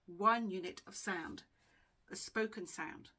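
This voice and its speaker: A woman teaching a lesson, explaining slowly and patiently with simple examples. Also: mid-range voice, bright, forceful tone.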